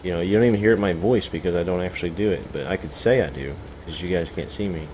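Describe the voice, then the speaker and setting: Deep-voiced joking game streamer man. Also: quick pace, a little mellow, a little hiss or hum, rough recording. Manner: joking, self-mocking, many "you know" fillers. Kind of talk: rambling live-stream chat. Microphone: desk microphone, no camera.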